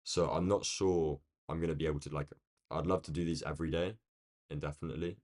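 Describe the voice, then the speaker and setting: Man, London accent, extremely deep voice, rambling live-stream chat, quiet room. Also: fairly even intonation, fast talker. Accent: London English. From United Kingdom. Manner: rambling, chatty, answers viewers' comments. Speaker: day-trading live streamer.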